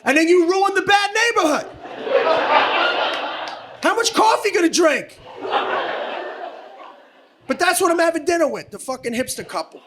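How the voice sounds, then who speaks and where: A man doing stand-up comedy on a club stage, ranting profanely and shouting punchlines. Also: very high voice, lively intonation, moderate pace, pauses often, crowd noise. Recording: live comedy club, noisy audience.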